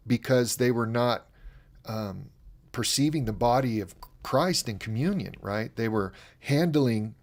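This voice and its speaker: A man with a gravelly, creaky edge to his voice, at a middle pitch, recounts a personal story on his own broadcast. He talks candidly and loosely, circling back on his words with restarts and fillers as he goes. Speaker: broadcast host. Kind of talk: personal testimony on a livestream.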